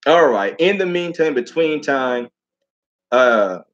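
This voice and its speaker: A man hosting a casual livestream talk, telling stories with lots of repeated phrases and animated asides. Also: on the high side, unhurried, muffled recording. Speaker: host.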